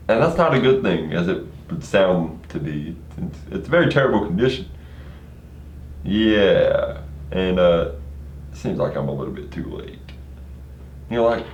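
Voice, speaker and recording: A young man co-hosting, casually improvising a second-person story with relaxed fillers. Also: sits low, measured pace, long pauses. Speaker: co-host and storyteller. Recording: echoey room with faint noise.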